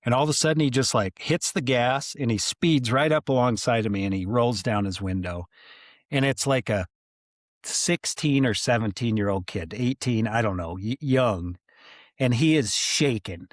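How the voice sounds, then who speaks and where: A man in his forties telling stories as a podcast guest, animated and full of casual fillers. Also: medium pitch, moderate pace, no room sound, studio quality. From United States. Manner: animated, many fillers like "like" and "you know". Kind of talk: casual storytelling.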